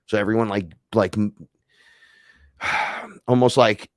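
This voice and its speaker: Man, podcast host, casual storyteller; low-pitched, excitable, foul-mouthed, loud-then-hushed delivery; dry close sound. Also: a little slow, long pauses, dry recording. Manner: profane, excitable, swings between loud and hushed. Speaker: podcast host recounting an experience.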